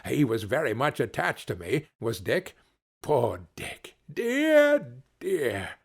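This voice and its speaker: A man's voice: medium pitch, sing-song, slow, creaky, slightly rough, exaggerated voice. A man voicing an elderly male miser, speaking earnestly in a storybook reading. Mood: excited. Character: old male miser, moved and nostalgic.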